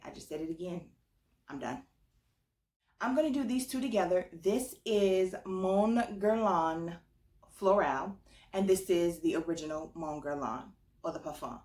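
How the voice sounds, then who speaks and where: A woman's voice: fairly low pitch, moderate pace, darkish tone. A woman hosting her own perfume channel, chatting casually and enthusiastically about her favorite scents, saying "like" a lot. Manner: chatty, enthusiastic, says "like" often. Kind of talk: casual chatty review vlog. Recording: echoey room, mic at a distance.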